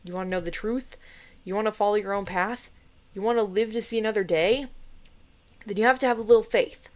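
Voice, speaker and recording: A woman's voice: medium pitch, fairly quick, a little mellow, pitched above the performer's own voice, close to an everyday voice. A woman voicing a dashing young male hero in a cheesy old film, urgent and coaxing.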